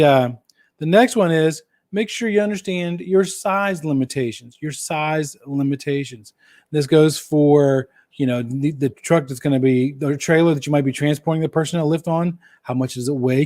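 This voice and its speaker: A man's voice: fairly high pitch, warm tone. A man hosting a casual live-stream Q&A for viewers, folksy and jokey, who repeats his key phrases for emphasis. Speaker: host answering viewer questions.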